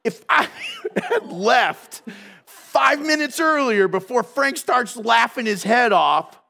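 A middle-aged man giving a storytelling sermon in a lively, conversational way, laughing at himself. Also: sits high. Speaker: Christian speaker.

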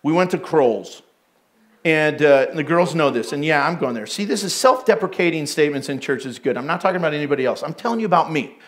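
A man's voice: a little high, expressive, fast. A middle-aged male pastor preaching a sermon, telling candid, self-deprecating stories with bursts of laughter.

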